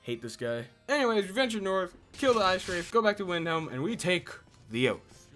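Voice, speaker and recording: Young male narrator, very animated, sarcastic and exasperated comic recap. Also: high voice, brisk, faint music behind. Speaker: video creator. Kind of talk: comedic game recap narration.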